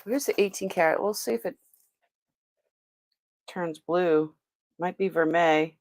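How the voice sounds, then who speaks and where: A chatty woman hosting a live-stream sale, with a somewhat low voice. She talks to viewers as she unboxes and tests items, often exclaiming and laughing. The sound is dry and close. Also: unhurried, a little mellow, dry recording.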